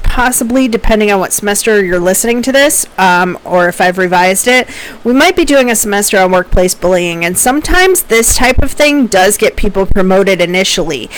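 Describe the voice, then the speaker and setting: A woman's voice: a little high, rough recording. A woman professor giving a recorded lecture in a conversational way, with fillers and small laughs.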